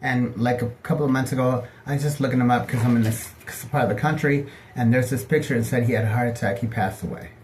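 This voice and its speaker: A middle-aged man telling personal stories in a casual, gossipy monologue, lively and animated as he acts out what people said. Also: medium pitch, quick pace, hardly any pauses, slight background noise. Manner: chatty, gossipy, animated, acting out other people's lines. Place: home bathtub.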